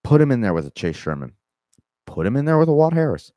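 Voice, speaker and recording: A man's voice: medium pitch, very animated, fast talker, warm tone, no echo. A young Southern man hosting a casual MMA talk show, rambling and profane with plenty of restarts. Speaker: MMA podcast host. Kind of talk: casual commentary.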